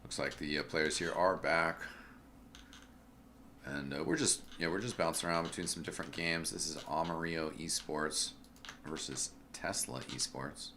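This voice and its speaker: A man casually commenting on a video game match as a streamer, chatty and relaxed, full of fillers and greetings to viewers. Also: sits low, normal speed, a little hiss or hum. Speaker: esports caster and streamer.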